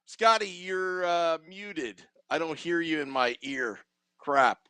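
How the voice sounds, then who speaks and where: A man hosting a live sports podcast from a radio studio, energetic and joking. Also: on the high side, slow pace, smooth, dry recording. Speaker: podcast host.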